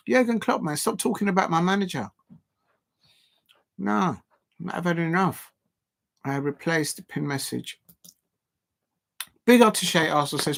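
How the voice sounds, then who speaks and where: A man's voice: fairly high pitch, lively intonation, moderate pace, vocal fry, long pauses. A man hosting a live football watch-along, reading viewer comments aloud and ranting indignantly.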